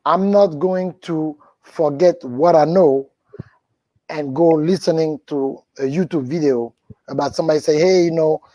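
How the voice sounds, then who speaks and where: A man's voice: a little high, measured pace, warm tone, no room sound, dull audio. A man in a casual conversation, speaking emphatically and repeating words when he gets worked up. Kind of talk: casual chat.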